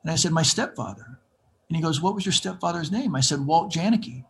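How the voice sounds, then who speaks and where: A man in his fifties with a slightly raised pitch tells his story in a lively conversational way. He slips into the voices of the people he quotes. A faint hiss of noise sits behind him. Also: a little fast, creaky. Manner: animated, acts out quoted voices. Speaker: guest telling his recovery story.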